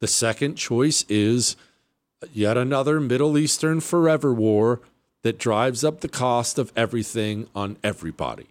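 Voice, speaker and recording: A man's voice: mid-range voice, moderate pace, no echo. A male talk radio host delivering an opinionated monologue, blunt and sarcastic, hammering points home by repeating them into a studio microphone. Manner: blunt, sarcastic, emphatic repetition.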